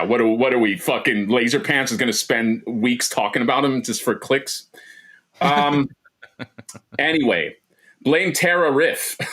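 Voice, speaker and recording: A man's voice: medium pitch, pushed and bright. A man co-hosting a casual livestream chat, rambling and joking with lots of restarts and fillers. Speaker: co-host.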